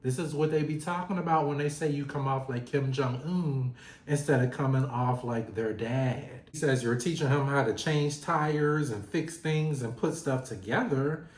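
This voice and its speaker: A man with a mid-range voice recaps a reality show at a moderate pace, chatting casually and speaking straight to the people on it as if they were listening. The recording has a roomy echo.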